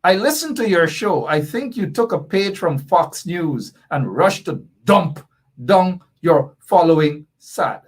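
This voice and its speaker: Husky emphatic male talk show host. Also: sits high, expressive, unhurried. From Guyana. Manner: emphatic, repeats points, reads viewer comments aloud. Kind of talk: political talk show commentary.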